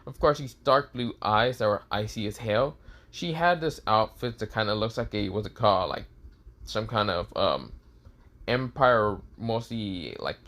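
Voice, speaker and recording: A man's voice: medium pitch, a bit bright. A man casually narrating a fan story, rambling with lots of fillers and restarts.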